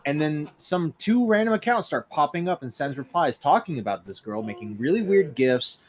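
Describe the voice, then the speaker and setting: A man's voice: fairly high pitch, animated, moderate pace, a little hiss or hum. A man co-hosting a podcast, rambling through a recap of online drama with lots of fillers and cursing. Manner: rambling, profane, restarts and fillers. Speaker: co-host.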